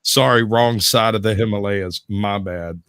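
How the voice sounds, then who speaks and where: A man's voice: fairly low pitch, steady tone, measured pace, fairly bright tone, clear, resonant tone, no room sound, studio quality. A man in casual panel chat, jokey and full of slang. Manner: slangy, jokey, says bro. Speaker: panel guest.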